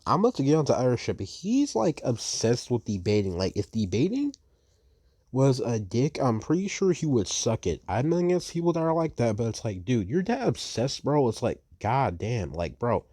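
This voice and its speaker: A man's voice: mid-range voice, darkish tone, no echo. A seventeen-year-old young man ranting in heated, profane commentary, leaning on "like" and "bro" as he complains about an online argument. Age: teens. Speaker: vlogger.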